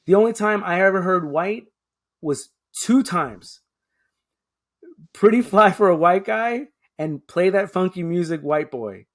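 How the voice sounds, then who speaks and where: Emphatic New man, higher voice. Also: animated, a little slow. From Queens, New York. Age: 30s. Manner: emphatic, keeps tagging points with "right?". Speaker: guest, public affairs officer. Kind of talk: conversational interview.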